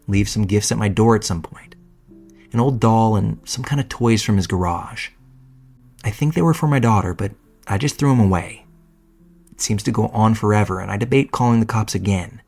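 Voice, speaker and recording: A man's voice: lowish voice, a little mellow. A man reading a first-person horror story aloud in a casual, profane storytelling manner. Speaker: narrator. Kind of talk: scripted horror story narration.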